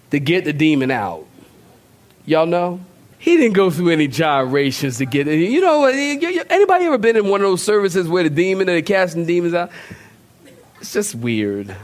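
A male pastor, preaching a sermon in a lively, joking way and talking straight to his congregation. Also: high-pitched. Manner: animated, joking, talks directly to the congregation.

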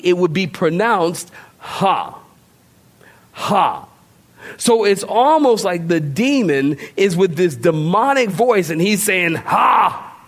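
A male pastor, preaching a sermon in a lively, joking way and talking straight to his congregation. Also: high-pitched. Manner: animated, joking, talks directly to the congregation.

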